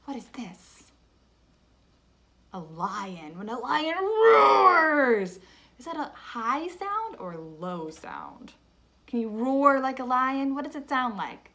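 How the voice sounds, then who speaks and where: A young woman teacher giving a slow, patient music lesson to children, asking them simple questions. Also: a little high, sing-song, pushed and bright, slight background noise.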